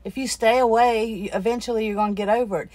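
A woman's voice: a little high, fairly even intonation, fast, darkish tone, no room sound. A woman host bluntly telling her guest to get help and stay away. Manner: blunt, scolding advice. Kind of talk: casual chat.

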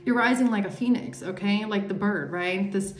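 A woman's voice: medium pitch, normal speed. A woman doing a casual tarot reading, talking emphatically and acting out what other people think. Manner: chatty, emphatic, acts out imagined people's thoughts. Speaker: tarot reader. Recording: roomy echo with faint music.

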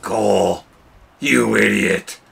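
A man voicing Batman while streaming a game, gruff, boastful and swearing. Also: on the low side, drawn-out words, a bit bright, full character voice. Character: gravelly growling male Batman, brooding and tough. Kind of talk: streaming gameplay in character.

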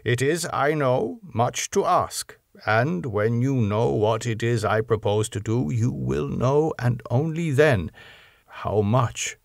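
A man voicing a grave elderly professor who speaks in a solemn, measured, formal way, for an audiobook. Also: mid-range voice, sing-song, husky, no room sound, clean studio sound, voice pushed up.

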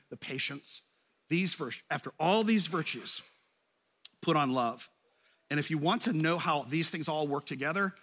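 Bright, animated male pastor preaching. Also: breathy edge. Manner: animated, swells loud and high for emphasis. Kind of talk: sermon.

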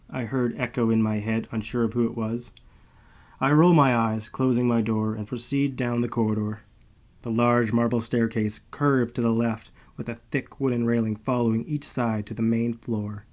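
A man narrating a first-person story in a steady, measured reading voice. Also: lowish voice.

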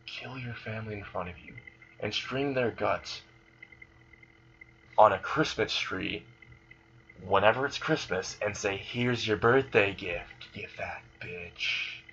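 A man's voice: on the low side, normal speed, dull audio, close to an everyday voice. A man voicing a menacing young man who mocks and threatens people in a profane way. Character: menacing young man, cruel, taunting bully.

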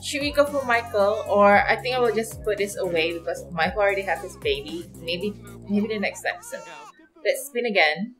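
A woman's voice: medium pitch, normal speed, rough recording. Chatty woman hosting a game commentary. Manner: chatty and excitable, laughs often and talks to the game characters. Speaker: gaming channel host. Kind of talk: casual let's-play commentary. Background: faint background music.

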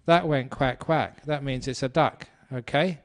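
A man voicing a young newlywed husband who argues his point loudly, in a storytelling talk. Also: mid-range voice, measured pace, natural voice. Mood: patient. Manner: emphatic, loud when insisting. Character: patient young husband losing his temper.

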